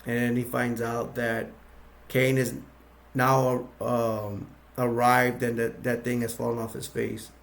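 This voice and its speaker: Gravelly man rambling through a plot. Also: medium pitch, level tone, takes it slowly. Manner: rambling, many ums and restarts. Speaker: movie reviewer. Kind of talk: casual plot retelling. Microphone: attached to a bag.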